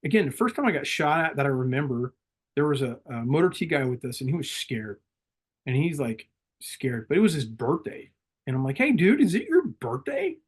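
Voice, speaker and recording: Calm, reflective middle-aged man. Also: medium pitch, brisk, husky. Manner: calm, reflective, laughs easily. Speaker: podcast guest, former Marine leader. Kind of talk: casual interview storytelling.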